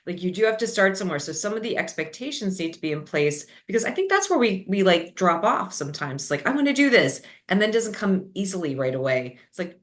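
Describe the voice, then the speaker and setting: Low-voiced woman host, rambling question. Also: sing-song, fast talker, hardly any pauses. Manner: rambling, full of "like" fillers. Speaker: interview host. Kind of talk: casual interview talk.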